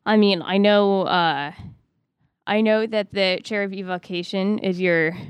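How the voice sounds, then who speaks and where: A woman speaking as a player in a tabletop game, halting, with restarts. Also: medium pitch, clear, resonant tone, no room sound. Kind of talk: casual role-play.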